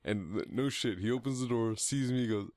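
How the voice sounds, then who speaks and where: A man's voice: medium pitch, normal speed, darkish tone, no echo. A young man co-hosting a podcast, swearing and laughing through crude, teasing banter. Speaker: podcast co-host.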